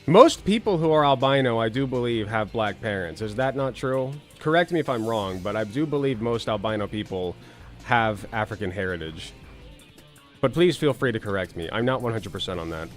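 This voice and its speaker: A man's voice: on the low side, animated, normal speed, faint music behind. Rambling, sarcastic male commentary host. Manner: rambling, sarcastic, crude jokes and profanity. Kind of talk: casual commentary.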